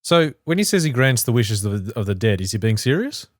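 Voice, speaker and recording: A man's voice: medium pitch, sing-song, a little fast, no echo, clean studio sound. Curious man asking short questions. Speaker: podcast co-host. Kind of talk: casual anime chat.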